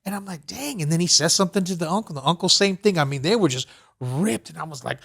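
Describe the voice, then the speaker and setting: A male podcast host with a fairly high voice rambles through a long story in relaxed, casual conversation. He leans on "you know" and "whatever" as he goes and keeps circling back to his point. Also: fast, vocal fry. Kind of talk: casual chat.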